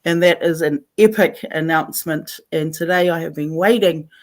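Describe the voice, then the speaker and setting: A woman's voice: low-pitched, moderate pace. A woman from Taranaki with a New Zealand accent, hosting a live community radio chat and switching easily between Māori and English. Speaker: radio host.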